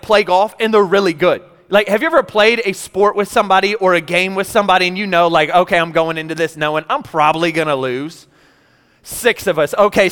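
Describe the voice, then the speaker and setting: High, bright-voiced young male preacher. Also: smooth. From Texas. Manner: energetic, conversational preaching with rising exclamations. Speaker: pastor. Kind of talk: sermon. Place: large church hall. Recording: long hall reverb.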